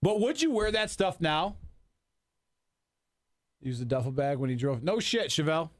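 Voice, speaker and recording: A man's voice: a little high, very animated, moderate pace. A man in his forties in loose, profane, rambling chat on a radio talk show. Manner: profane, rambling banter with restarts. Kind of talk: casual chat.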